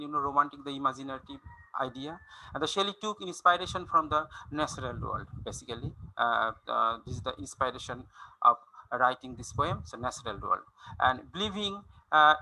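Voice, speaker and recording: A man giving a university lecture on poetry, explaining slowly with many fillers and restarts. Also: fairly high pitch, bright, forceful tone, slight background noise, rough recording. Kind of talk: recorded online lecture on poetry.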